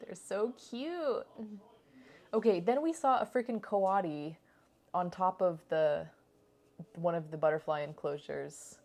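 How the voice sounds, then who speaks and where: A woman's voice: fairly low pitch, unhurried, a little mellow. Chatty woman narrating her travel vlog. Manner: chatty and rambling, swears and laughs often. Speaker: cooking channel vlogger. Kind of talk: casual travel vlog voice-over.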